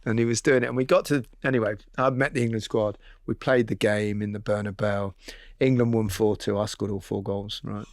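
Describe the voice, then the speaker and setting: A man hosting a casual chat, telling stories in a relaxed way and laughing easily. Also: on the low side, a little fast, no room sound, clean studio sound. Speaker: podcast host.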